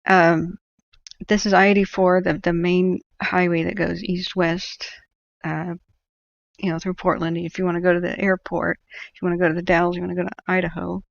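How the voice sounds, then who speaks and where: A woman hosts a casual livestream, talking at her computer, rambling and thinking aloud with plenty of fillers. Her voice sits on the low side with vocal fry and little pitch movement, at normal speed, and the recording sounds muffled.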